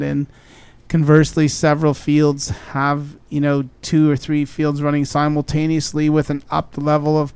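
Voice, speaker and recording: A man on a casual panel, explaining things in a measured way. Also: mid-range voice, vocal fry, darkish tone.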